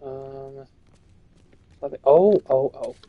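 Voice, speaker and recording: A man's voice: mid-range voice, takes it slowly, dry recording, dull audio. A man playing a co-op horror game, chatting casually with jumpy, reactive exclamations. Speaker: co-op gaming partner. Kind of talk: casual chat while gaming.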